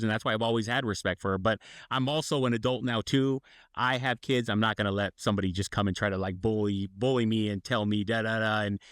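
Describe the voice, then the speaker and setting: A man's voice: lowish voice, fairly bright tone, clean tone, no room sound, studio quality. A man co-hosting a podcast, telling a long story in casual chat and acting out the quotes. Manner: rambling storyteller, acts out quotes. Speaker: podcast co-host.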